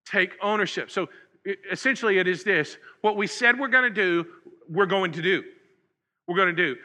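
A man's voice: high voice, sharp tone. A man preaching a sermon, reading scripture and explaining it with casual asides. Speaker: pastor.

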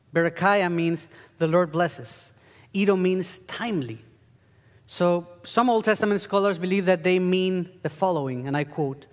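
A man preaching a sermon, teaching earnestly and rising into emphatic bursts. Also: a little high. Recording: long hall reverb.

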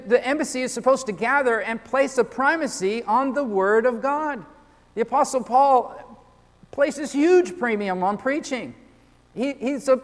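A man delivers a sermon with an earnest, pressing manner, often stumbling over his openings before pushing on. His voice sits noticeably high for a man. The sound carries a long, lingering reverb of a large church hall. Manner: earnest, repeats words when starting sentences. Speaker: pastor.

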